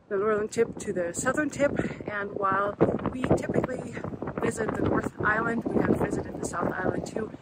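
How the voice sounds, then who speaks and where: A woman talks to her camera on a forest hill, out of breath from hiking and chatty, with lots of fillers. Loud wind noise rushes behind her voice. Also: mid-range voice. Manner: chatty, upbeat, many fillers. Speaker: vlogger. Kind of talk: casual travel vlog.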